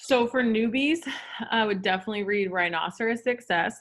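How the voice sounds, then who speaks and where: A woman's voice: mid-range voice, normal speed, a bit bright. A woman talking casually on a video call, full of "like" and "um" fillers. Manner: chatty, lots of "like" and "um" fillers. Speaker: guest. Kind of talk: casual Zoom chat.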